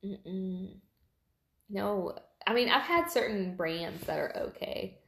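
Twenties woman co-host, casual giggly chatter, average pitch, echoey room. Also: lively intonation, slow pace, creaky, fairly bright tone. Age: 20s. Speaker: podcast co-host. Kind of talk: casual chat.

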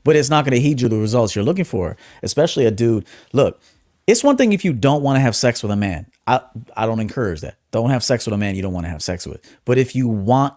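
Guy doing a dating-coach livestream, blunt, goes quiet then loud, mid-pitch, dry sound. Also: big pitch swings, fairly quick, dry recording. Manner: blunt, swings from low asides to loud emphatic bursts. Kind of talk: casual livestream monologue.

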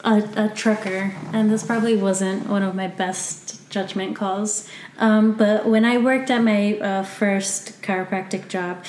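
A woman who works as a massage therapist, chatting casually and telling lively stories from work, acting out what people said. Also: medium pitch, a little slow, slight background noise. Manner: animated storyteller, acts out quotes. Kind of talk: casual podcast chat. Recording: echoey room.

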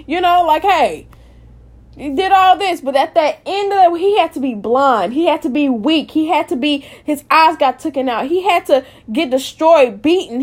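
Woman, high voice, impassioned informal sermon, repetitive, loud then soft. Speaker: preacher.

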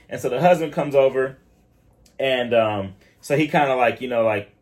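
A man's voice: medium pitch, fairly quick. A man from Michigan co-hosting a podcast, chatting casually and telling stories in quoted voices. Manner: animated storytelling with quoted voices. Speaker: podcast co-host. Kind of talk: casual chat.

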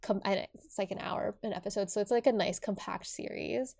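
A woman's voice: medium pitch, fairly even intonation, fairly quick, gravelly, darkish tone. A young woman co-hosting a podcast, chatting casually about a novel and its screen adaptation, talking with many fillers and restarts. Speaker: podcast co-host. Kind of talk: casual chat about a book and its series.

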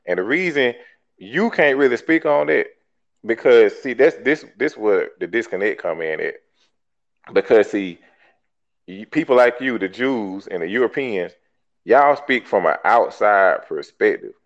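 A man's voice: fairly low pitch, animated, unhurried. A talk show host, arguing emphatically and bluntly, swearing and repeating himself to make his point. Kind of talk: heated call-in debate. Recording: dull lo-fi podcast audio.

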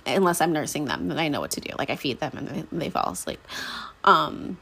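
A woman hosting a casual solo podcast, telling a family story in a chatty, animated way. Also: low-pitched, moderate pace, creaky, husky. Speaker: podcast host.

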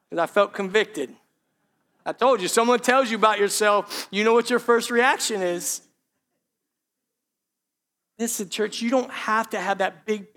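High-voiced pastor preaching. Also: male voice. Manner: swings between hushed and loud, addresses the congregation as church. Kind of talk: sermon.

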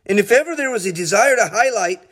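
A man leads an informal Bible lesson, and his enthusiasm keeps spilling over into laughter and restarted sentences. His voice sits fairly high for a man and has a husky, slightly breathy edge. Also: animated, quick pace, fairly bright tone. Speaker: Bible teacher. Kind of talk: casual Bible study talk.

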